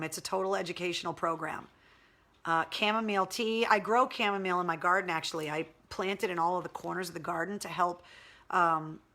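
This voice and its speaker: A woman's voice: medium pitch, bright, forceful tone. A woman hosting a casual livestream, chatting candidly and swearing cheerfully as she answers viewer comments. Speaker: livestream host. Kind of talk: casual live chat reading viewer comments.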